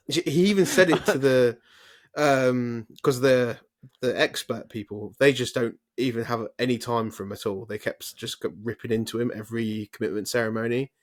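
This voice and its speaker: A man's voice: mid-range voice, fairly quick. A man co-hosting a podcast in casual chat, swearing freely and ranting off on tangents. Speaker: podcast co-host.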